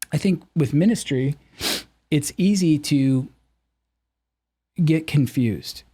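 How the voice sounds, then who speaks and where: Middle-aged guy on a podcast, earnest and animated, dry close sound. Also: mid-range voice, no echo. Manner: earnest, animated, acts out quoted voices. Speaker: podcast guest. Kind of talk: candid personal storytelling.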